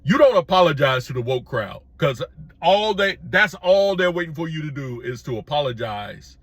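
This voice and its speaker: A middle-aged vlogger, emphatic and plain-spoken, addresses his audience as "folks" in an opinion commentary monologue, repeating his points and jumping sharply in pitch to press them. His fairly bright voice swings widely in pitch, has a breathy edge, and moves at a moderate pace with no echo.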